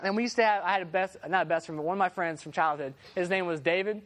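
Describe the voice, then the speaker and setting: A man's voice: high-pitched, fast talker. A young man preaching to a youth group in a casual storytelling way, laughing often and acting out the people in his story. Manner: animated, laughing, acts out the voices in his story.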